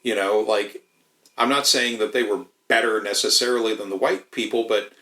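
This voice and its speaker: Low-voiced guy rambling and cussing on a podcast, lots of restarts, roomy echo. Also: fairly even intonation, moderate pace, pushed and bright. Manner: rambling, profane, many restarts. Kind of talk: casual podcast chat.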